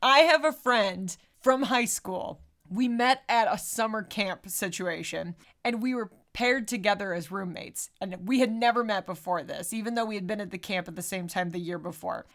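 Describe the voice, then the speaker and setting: A woman co-hosting a podcast, telling the story of a movie in a casual, lively way, with swearing and frequent laughter. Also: medium pitch, normal speed, few pauses. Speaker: podcast co-host. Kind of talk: casual movie recap chat.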